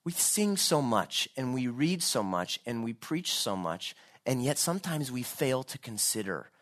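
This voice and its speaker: A man's voice: mid-range voice, sing-song, a little slow, a bit bright. A man preaching a sermon, earnest and building to fervent pleading.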